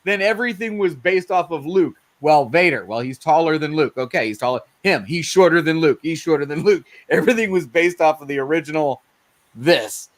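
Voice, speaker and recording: A man with a slightly high, brisk voice hosts a laid-back late-night chat. His storytelling is loose and animated, complete with acted-out quotes.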